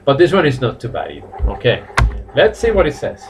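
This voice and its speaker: A man with a Spanish accent teaching a live online English class, praising students and repeating their sentences slowly. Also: mid-range voice, wildly swooping pitch, background noise. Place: home or academy room, online stream.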